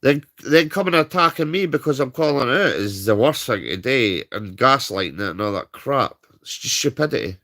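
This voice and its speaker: British man, livestream rant, heated, swears a lot, mid-pitched voice. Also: sing-song, fairly quick, hardly any pauses, fairly bright tone. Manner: heated, swearing, repeats "right?". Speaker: streamer.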